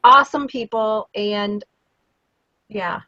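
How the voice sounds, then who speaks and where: A woman's voice: medium pitch, slow pace, pushed and bright, no room sound, dull audio. A woman co-hosting a casual live show, telling stories and encouraging kindness in an earnest way. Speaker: co-host of a daily live show. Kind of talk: casual live-stream chat.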